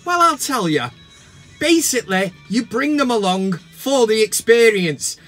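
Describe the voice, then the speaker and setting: Worked-up football ranter. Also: male voice, very high-pitched, expressive, a little slow, fairly bright tone, soft background music. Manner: mocking, worked-up ranting. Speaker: football vlogger. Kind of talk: ranting fan commentary.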